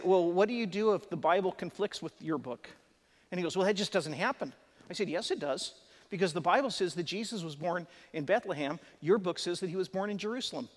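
A man preaching a sermon to a live congregation, conversational and emphatic, with chatty asides. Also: high-pitched. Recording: long hall reverb.

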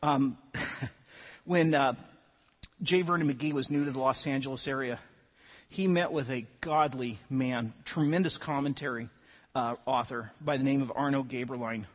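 A man's voice: medium pitch, a little slow, in a large hall, lo-fi sound. A man preaching a sermon, telling stories and often repeating words as he starts sentences. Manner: animated storytelling, repeats words when starting. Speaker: pastor.

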